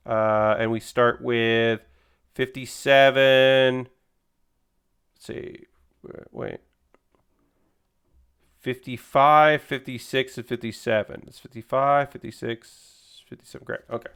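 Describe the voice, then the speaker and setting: A man's voice: medium pitch, steady tone, takes it slowly, gravelly, long pauses, fairly bright tone, clean tone. A man hosting a casual livestream, chatting while he builds a model kit, rambling along and swearing now and then. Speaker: livestream host.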